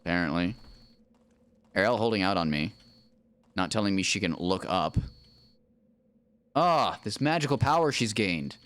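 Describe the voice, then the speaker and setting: Playful low-voiced man streaming a game. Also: lively intonation, normal speed, long pauses, a bit bright, no room sound. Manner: playful, narrates his own moves, hums silly nonsense tunes. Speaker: streamer playing a game with his wife. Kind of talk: casual livestream gaming commentary.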